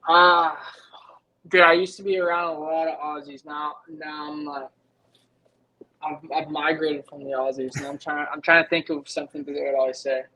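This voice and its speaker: A man's voice: a little high, flat delivery, moderate pace, pushed and bright, rough recording. A young man, a guest on a podcast, talking in a laid-back, casual way full of "like" and "dude". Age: young adult. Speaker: guest motocross rider. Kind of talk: casual interview chat.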